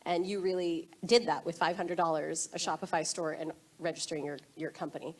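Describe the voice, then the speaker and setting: A woman's voice: deep voice, fairly even intonation, fairly quick. A young adult woman interviewing a guest onstage, encouraging and addressing the audience directly. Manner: warm, encouraging, speaks to the audience. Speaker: interviewer, event host.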